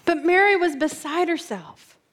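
A woman preacher telling a story in a sermon, slowing down and dropping her voice soft for emphasis. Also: extremely high pitch, very animated.

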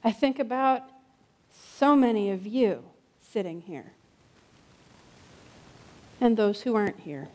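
A woman pastor delivers a heartfelt sermon in a church. Her voice sits high, and she leans on repeated words and asks "right?" to pull the room in. On tender lines she slows down and goes quiet. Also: lively intonation. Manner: drops soft and slow on emotional lines.

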